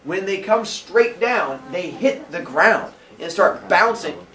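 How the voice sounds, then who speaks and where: A man's voice: high-pitched, animated, takes it slowly, sharp tone. A male teacher telling a myth to his class in a playful way, acting out the characters and quizzing the students. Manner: playful, acts out characters, asks the class questions. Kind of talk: animated storytelling to a class. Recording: roomy classroom, mic at a distance.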